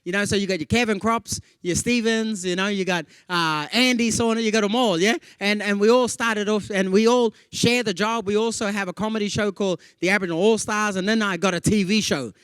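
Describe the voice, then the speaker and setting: Giving a stand-up comedy keynote at a conference, an Australian man with a fairly high voice tells stories to a live crowd, acting out everyone in them with playful voices. His jumpy, chatty delivery is fairly quick with few pauses and is full of "yeah?" and "you know" check-ins. The tone is clean and the sound dry and close.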